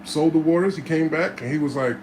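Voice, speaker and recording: A streetwise man talking through his life story in a loose, animated monologue, cursing freely and slipping into the voices of the people he describes. His voice sits a little high for a man. A faint hiss of background noise runs under the recording. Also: fairly quick, poor audio.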